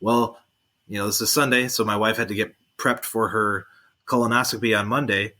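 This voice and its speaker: A man co-hosting a podcast, telling a casual story in a deadpan way and acting out other people's lines. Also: on the low side, moderate pace. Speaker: podcast co-host.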